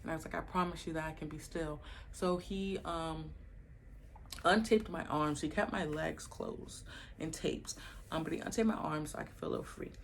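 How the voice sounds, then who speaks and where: A young woman vlogging to her camera at home, casually telling her labor story with animated, slangy asides to viewers. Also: sits low, moderate pace, gravelly, a little hiss or hum.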